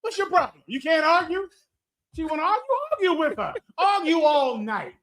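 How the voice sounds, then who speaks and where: Here the man's voice is very high-pitched and animated, at a moderate pace with a fairly bright tone. Leading scripture study, he preaches provocatively to a live chat, brash and full of jokes and rhetorical questions, often chuckling at his own humor.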